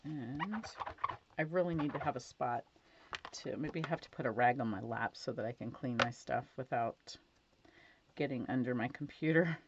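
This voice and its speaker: With a very deep voice at normal speed, this stamping instructor works at her home craft desk amid a noisy background. She chats casually, gushes over her finished cards, and fills her talk with fillers, all on a dull lo-fi home recording.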